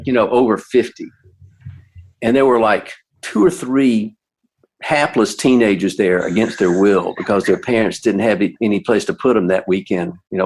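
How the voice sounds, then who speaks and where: A man's voice: on the low side, darkish tone, rough recording. An older man, a musician and guest, telling a casual anecdote in a rambling way with many restarts and asides.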